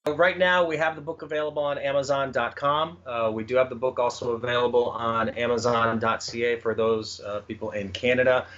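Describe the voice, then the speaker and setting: A man's voice: mid-range voice, steady tone, fairly quick, hardly any pauses, a bit bright. A man answering interview questions about his children's book, hesitant, with many fillers and restarts. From United States. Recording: slightly muffled with faint noise.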